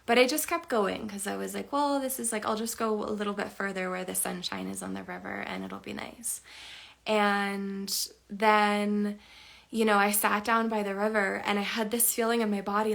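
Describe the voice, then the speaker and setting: A woman's voice: medium pitch, fairly even intonation, normal speed, gravelly, a bit bright. A young woman sharing a personal story in a chatty, emotional way, full of fillers. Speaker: spiritual teacher.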